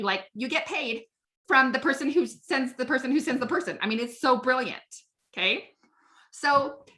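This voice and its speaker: A woman's voice: mid-range voice, sharp tone. A woman coaching a live online group on network marketing, chatty and upbeat, often asking "right?".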